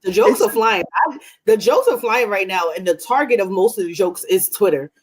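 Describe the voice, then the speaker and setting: A woman's voice: mid-range voice, lively intonation, a little fast. A woman co-hosting a podcast in casual chat, blunt and sardonic. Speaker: podcast co-host.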